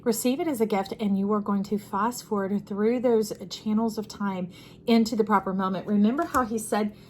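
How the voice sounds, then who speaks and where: A woman's voice: mid-range voice, steady tone, normal speed, a little hiss or hum. A woman giving an intuitive tarot reading, speaking expressively and repeating phrases for emphasis. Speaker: tarot reader.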